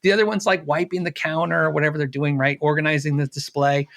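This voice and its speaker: Middle-aged male guest, fairly high voice, animated storyteller who acts out the lines of other people. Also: fast talker, creaky. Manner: animated storyteller, acts out dialogue, laughs often. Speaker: interview guest. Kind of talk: storytelling in casual interview.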